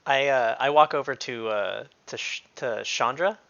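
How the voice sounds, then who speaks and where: A man's voice: medium pitch, moderate pace, creaky, fairly bright tone, dull audio. A man player speaking hesitantly with many fillers.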